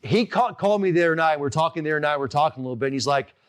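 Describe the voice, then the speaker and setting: A man hosting a live online golf lesson as instructor, talking in an energetic, emphatic way and often checking in with "okay?". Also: on the high side, racing, clean tone. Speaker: golf instructor and show host.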